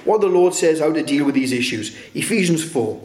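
A man's voice: on the high side, animated, a little fast, darkish tone, slight background noise. A man preaching a sermon in a conversational way, often turning points into rhetorical questions. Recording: roomy echo.

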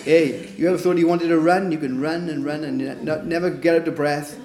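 Brief: a slightly high-voiced man leading a Bible study, chatty and conversational, recorded in an echoey room. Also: steady tone, normal speed, a little mellow. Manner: conversational, with frequent "isn't it?" tag questions. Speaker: preacher. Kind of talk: informal Bible study preaching.

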